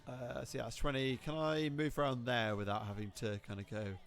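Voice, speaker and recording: A man's voice: mid-range voice, flat delivery, a little fast, soft background music. A man playing a tabletop game online, hesitant and full of ums, often laughing at his own bad rolls. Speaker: player. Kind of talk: casual tabletop game chat.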